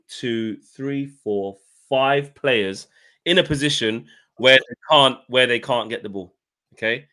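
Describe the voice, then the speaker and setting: A man's voice: medium pitch, bright, forceful tone. A man co-hosting a casual football chat, sarcastic, reading quotes aloud and swearing. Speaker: podcast co-host.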